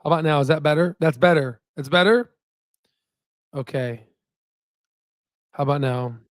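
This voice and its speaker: On his own stock investing channel, a man chats casually in livestream style, repeating himself often and laughing readily into a new desk microphone. His voice sits a bit high at a normal speed, and the sound is clean studio quality with no echo.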